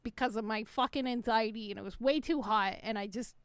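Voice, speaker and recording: High-voiced woman telling a story. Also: a little fast, smooth, dry recording, studio quality. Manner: swears often, laughs through stories. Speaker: podcast co-host. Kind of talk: casual chat.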